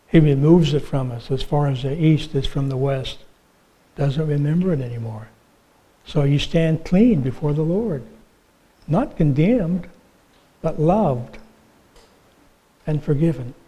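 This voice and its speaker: A male pastor with a somewhat high voice delivers a sermon at an unhurried pace. He tells humorous stories, then drops to a hushed, earnest tone when he speaks about forgiveness.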